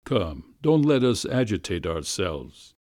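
A man's voice: lowish voice, big pitch swings, measured pace, darkish tone, dry recording. A man reading a story aloud, voicing an ingratiating household doctor with a honeyed manner. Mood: soothing. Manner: honeyed, soothing.

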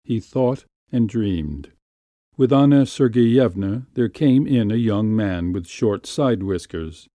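A man reads a classic story aloud at a measured, unhurried pace. His voice is low with a very dark, mellow tone. The recording is close and dry. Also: dry recording. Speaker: narrator. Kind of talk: audiobook reading of a classic story.

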